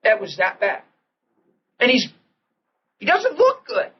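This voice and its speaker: A middle-aged man preaches a sermon in a fairly high voice, telling a story and acting out the quotes in it. He often drops to a near whisper. The old recording is muffled, with a faint hiss behind it. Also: wildly swooping pitch, slow pace. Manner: storytelling, acts out quotes with sudden hushed drops.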